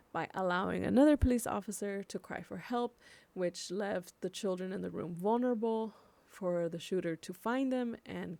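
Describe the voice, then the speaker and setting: A young woman from California giving impassioned personal commentary on camera, emotional and swearing freely, slowing down to stress her points. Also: medium pitch, gravelly, dark tone, dry recording. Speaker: vlogger.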